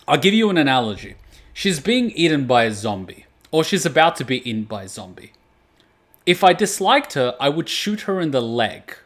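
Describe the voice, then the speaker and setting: A young man hosting an anime reaction video, chatting casually with plenty of swearing and sudden loud outbursts. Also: a little high, normal speed. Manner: profane, animated, breaks into loud outbursts.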